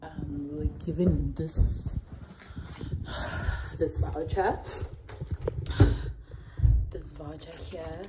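A woman's voice: sits low, fairly even intonation, very slow, pauses often. A young woman, chatting casually to her phone camera in a hotel and switching between English and isiZulu. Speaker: vlogger. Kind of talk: casual vlog talk to camera. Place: hotel room and lobby. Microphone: handheld phone. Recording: noisy phone recording.

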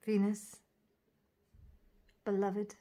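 A woman walking through an oracle deck card by card, calling out each name and meaning with soft, gushing admiration. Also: mid-range voice, monotone, drawn-out words. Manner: dreamy, admiring, lingers on single words; soft laughs and gushing asides. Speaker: tarot reader reviewing an oracle deck. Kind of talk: casual unboxing walk-through.

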